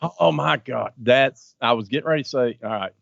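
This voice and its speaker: A man's voice: mid-range voice, a little fast, creaky, dry recording, lo-fi sound. A male podcast guest in casual film chat, giving short reactive replies with dry humor.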